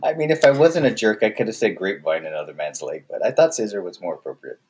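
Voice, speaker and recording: A man's voice: fairly low pitch, lively intonation, quick pace, darkish tone. Joking man co-hosting a podcast. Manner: joking, teasing banter. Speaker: podcast co-host. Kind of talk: casual podcast chat.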